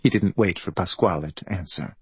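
A man reading an audiobook in a measured, even storytelling manner. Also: low voice, breathy edge, no echo. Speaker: audiobook narrator. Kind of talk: scripted audiobook narration.

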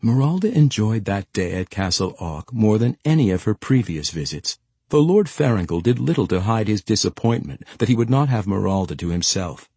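Husky low-voiced male narrator. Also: no echo. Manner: expressive, measured storytelling. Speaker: audiobook narrator. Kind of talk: scripted fantasy narration.

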